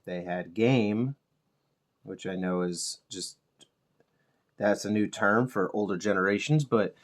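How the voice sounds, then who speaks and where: A man's voice: fairly low pitch, unhurried. Laid-back, rambling, swearing man. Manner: laid-back, swears freely, self-mocking humor. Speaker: miniature painting channel host. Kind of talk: casual rambling chat while painting.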